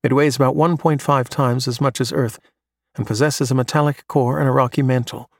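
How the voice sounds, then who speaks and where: A man voicing a bright young male pupil who recites facts eagerly. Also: mid-range voice, steady tone, brisk, dry recording, studio quality, natural voice. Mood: earnest.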